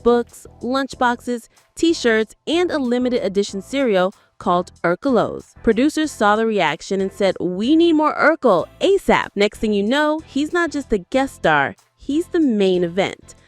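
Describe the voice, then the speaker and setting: A woman's voice: fairly high pitch, sing-song, unhurried, hardly any pauses, no room sound, soft background music. Chatty, hyped woman narrating a countdown. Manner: chatty and hyped, playful asides. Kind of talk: scripted narration.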